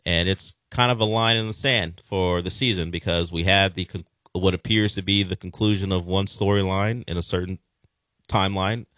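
A man's voice: sits low, fairly even intonation, normal speed, a bit bright, no room sound, studio quality. A man hosting a sports talk radio show, chatting casually and rambling with frequent restarts.

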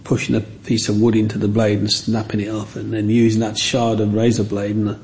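A man's voice: fairly low pitch, completely flat delivery, fairly quick, darkish tone, slight background noise. A man, telling stories from his childhood in an interview and acting out other children's voices when he quotes them. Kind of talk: reminiscing storytelling.

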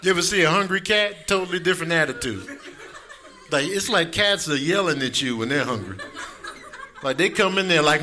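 A male stand-up comedian with a high-pitched voice and an animated, playful delivery. He performs on a club stage into a handheld mic. The recording is noisy, with the crowd's laughter underneath. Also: normal speed.

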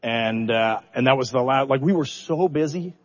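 A middle-aged man, a mission commander, telling an animated, self-deprecating story at a press conference. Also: mid-range voice, moderate pace. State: emotional, holding back tears. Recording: dull recording in a reverberant hall.

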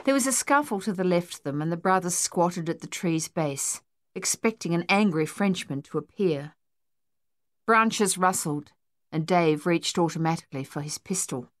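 A woman narrating a novel in steady, even storytelling. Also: fairly low pitch, normal speed, dry recording, studio quality. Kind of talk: audiobook narration.

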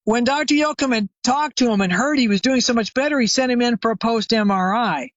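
A man's voice: very high-pitched, fairly quick, a bit bright, no room sound, dull audio. An older man, a retired chiropractor, telling a long anecdote as a guest expert in an interview, with many fillers and restarts. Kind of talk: conversational storytelling interview.

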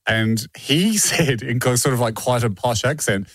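A man's voice: medium pitch, unhurried, a bit bright, no echo. A man co-hosting a podcast, telling a story in casual chat and laughing often. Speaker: podcast co-host.

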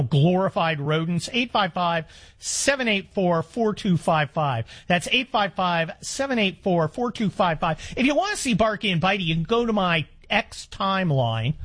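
Animated wry talk-radio host, older man. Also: high-pitched. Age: 60s. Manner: animated, wry, rambling with restarts.

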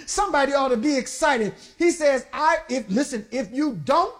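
A middle-aged woman preaching a sermon, working the congregation with call-and-response and rising to shouts. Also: sits high, lively intonation, normal speed.

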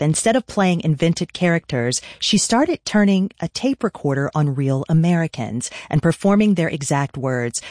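A radio interview host reads a polished introduction and then moves into questions. The delivery is measured and clear, at a middle pitch. The sound is close and dry. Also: darkish tone, no echo.

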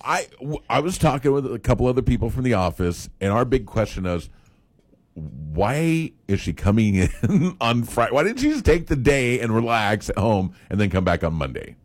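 A man's voice: medium pitch, sing-song, normal speed, no echo. Upbeat teasing man radio host. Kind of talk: casual morning radio banter.

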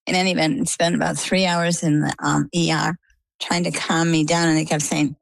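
Low, gravelly middle-aged woman storyteller. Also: brisk, no echo, poor audio. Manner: animated, lively retelling. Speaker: interview guest. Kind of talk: conversational storytelling.

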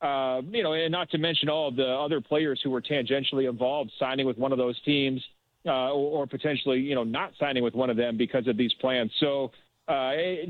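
A man's voice: mid-range voice, dry recording. Man talking over a tinny phone line. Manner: hesitant, many fillers and restarts. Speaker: sports writer guest. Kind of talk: phone-in radio interview.

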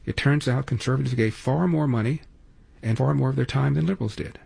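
A man's voice: mid-range voice, brisk, creaky, warm tone, slightly rough. A male radio talk show host giving opinionated, sarcastic political commentary and taking calls.

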